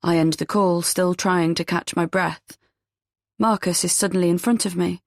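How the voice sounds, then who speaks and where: A woman's voice: lowish voice, fairly even intonation, normal speed, no echo, clean studio sound. A woman narrating a first-person audiobook, giving characters small shifts of voice and dropping to a whisper for some lines.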